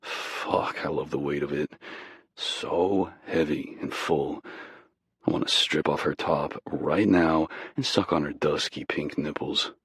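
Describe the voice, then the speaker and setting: A man narrating a romance audiobook in the first person, with a slow, intimate, low-key delivery. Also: steady tone, fairly bright tone, breathy edge, no room sound, clean studio sound.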